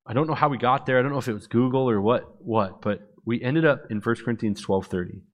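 A man in his thirties tells his personal testimony as a lively storyteller, jumping into character voices for the people in his story. His voice sits at an ordinary middle pitch, and he speeds up and slows down with the story. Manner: animated storyteller acting out dialogue. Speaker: speaker giving testimony.

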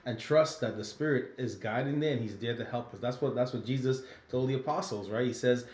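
A man's voice: medium pitch, a little fast, darkish tone. A man co-hosting a casual Bible study discussion, speaking conversationally and often checking in with his listener. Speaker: podcast co-host. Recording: roomy echo.

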